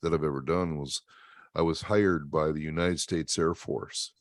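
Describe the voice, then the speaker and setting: A man telling stories in an interview, emphatic and animated, laughing often. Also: extremely low pitch, normal speed, dry recording, studio quality. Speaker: interview guest and motivational speaker. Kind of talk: storytelling in an interview.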